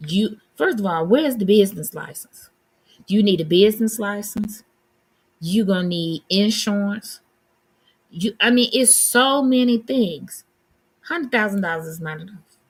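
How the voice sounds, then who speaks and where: A woman hosting a live stream, giving blunt, sassy commentary and answering her chat. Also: mid-range voice. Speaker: livestream host.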